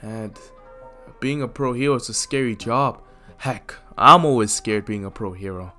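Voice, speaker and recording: A larger-than-life superhero put on by a man in a fan-told story, proclaiming every line with bold, jovial confidence and a lifted pitch. Quiet lofi music plays underneath. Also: moderate pace. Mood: encouraging. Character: booming top male superhero, confident and upbeat.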